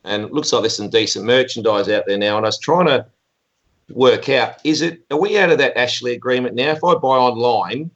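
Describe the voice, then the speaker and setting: A man's voice: mid-range voice, a little fast, fairly bright tone. An Australian man calling in to a radio show, easygoing and chatty. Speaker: caller. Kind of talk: casual phone-in chat. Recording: dull lo-fi call audio.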